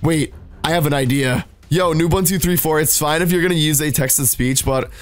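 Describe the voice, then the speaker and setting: A man hosting a Minecraft video, excitedly narrating to viewers with big jumps in his voice. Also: fairly quick, no room sound. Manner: excitable, jumpy pitch, talks to the audience. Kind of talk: excited gaming commentary to viewers.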